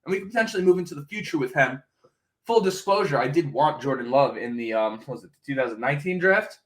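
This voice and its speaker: A man's voice: mid-range voice, expressive, quick pace. A man hosting a podcast, giving casual fan commentary and thinking aloud, often hedging with "right?" and "uh". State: sipping coffee, brief cough. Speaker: podcast host.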